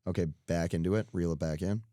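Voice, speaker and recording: A man's voice: low-pitched, fairly even intonation, fast, warm tone, no room sound, clean studio sound. A young man co-hosting a podcast, chatting casually about sports bets, joking and rambling and laughing at himself. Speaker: podcast co-host. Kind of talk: casual sports betting chat.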